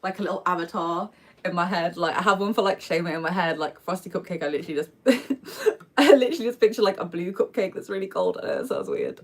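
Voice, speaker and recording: Chatty young woman, low-pitched. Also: fast talker. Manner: chatty, slangy, answers viewer comments aloud. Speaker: livestreamer. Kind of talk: casual live-stream chat while cooking. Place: home kitchen, indoors.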